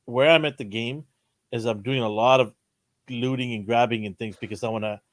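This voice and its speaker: A man's voice: medium pitch, fairly even intonation, fairly quick, a bit bright, dry recording, clean studio sound. A man co-hosting a podcast in casual chat, laid-back and slangy, chuckling often. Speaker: podcast co-host.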